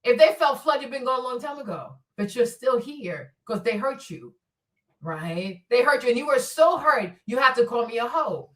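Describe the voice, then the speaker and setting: A woman's voice: fairly high pitch, very animated, moderate pace, a bit bright, distant mic. A woman from Africa hosting a livestream, ranting in a mocking, taunting way and laughing often. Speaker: livestream host. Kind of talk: livestream rant.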